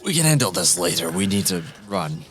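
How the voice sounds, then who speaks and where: Very deep, mumbling male player. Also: big pitch swings, brisk. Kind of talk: casual tabletop play.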